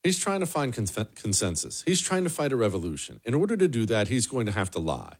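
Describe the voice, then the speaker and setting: A man's voice: mid-range voice, huge pitch swings, brisk, husky. A man hosting a political commentary show, delivering a sarcastic, emphatic solo monologue with a lot of repetition. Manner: sarcastic, emphatic, repeats for effect.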